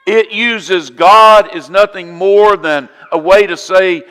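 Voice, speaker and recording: A male preacher with a Southern US accent, his voice sitting a little high for a man. He preaches earnestly and with emphasis, then drops suddenly to a hushed tone. Each line trails into the long reverb of a church hall. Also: slow pace, clean tone. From southern United States. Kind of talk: sermon. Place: church auditorium.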